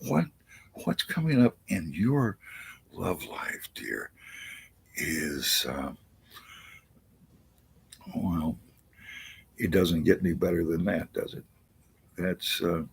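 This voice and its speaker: Slow gravelly husky-voiced man. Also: low-pitched. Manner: halting, many restarts and fillers, reads chat aloud. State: out of breath. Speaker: astrologer hosting a live chat stream. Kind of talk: casual live-stream chat.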